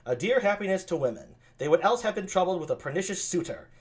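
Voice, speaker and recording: A man reading aloud and voicing a sharp-tongued young noblewoman who scorns men, lifting his voice higher. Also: lively intonation, fast. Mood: scornful.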